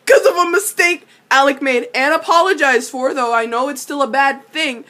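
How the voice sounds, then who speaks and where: Bright-voiced young woman, animated. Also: sits high, moderate pace, few pauses. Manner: animated, exclamatory, swears and laughs often. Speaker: vlogger. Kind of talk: casual TV episode recap.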